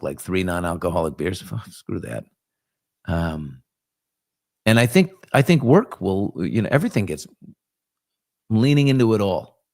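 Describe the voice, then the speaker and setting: A man's voice: low-pitched, expressive, normal speed, long pauses, darkish tone. A man in his fifties from New York, hosting a casual live chat and answering viewers, rambling and self-reflective with joking asides. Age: 50s. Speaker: host.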